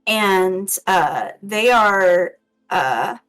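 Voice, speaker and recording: A woman narrating as game master of a tabletop game, hesitant and full of pauses. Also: medium pitch, expressive, fairly bright tone, clean tone, soft background music, low-quality recording. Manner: slow and hesitant, with many ums. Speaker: dungeon master.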